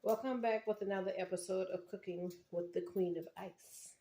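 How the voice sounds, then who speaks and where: A woman's voice: medium pitch, fairly even intonation, moderate pace, warm tone, slight background noise. A woman from South Carolina, chatting straight to her viewers in a casual cooking vlog. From Charleston, South Carolina. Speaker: cooking vlogger. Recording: echoey room with faint ambience.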